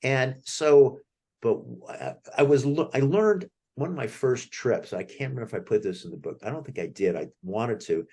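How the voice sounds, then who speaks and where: A man's voice: mid-range voice, expressive, normal speed, a little mellow, slightly rough. An American man as the author guest in an interview, telling rambling anecdotes with many restarts. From United States. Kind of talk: conversational interview.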